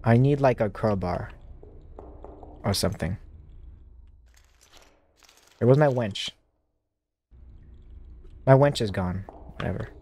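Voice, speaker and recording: A streamer playing a horror demo disc talks to himself in casual let's-play commentary, rambling with plenty of fillers and restarts. His voice is fairly low and mellow, and he speaks slowly with long pauses. A slight hiss or hum sits on the recording.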